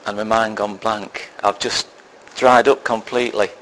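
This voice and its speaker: A man's voice: lowish voice, level tone, moderate pace, a bit bright, slight background noise, rough recording. A man preaching a sermon, telling a personal story with self-deprecating, dry humour before turning to a serious point. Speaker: lay preacher.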